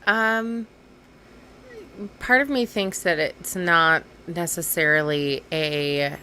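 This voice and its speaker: A woman comedian being interviewed, answering in a relaxed, agreeable way. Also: low voice, takes it slowly, a little hiss or hum. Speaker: comedian guest. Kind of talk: casual interview chat.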